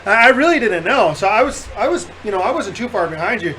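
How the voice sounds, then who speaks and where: A man hosting a podcast, telling a story in casual chat, animated and profane, often laughing as he talks. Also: sits high, quick pace, slight background noise, low-quality recording. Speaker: podcast host.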